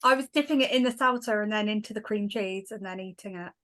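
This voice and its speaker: A woman's voice: medium pitch, fast talker, fairly bright tone. A woman playing a tabletop game, chatting casually and giggling between remarks. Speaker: player.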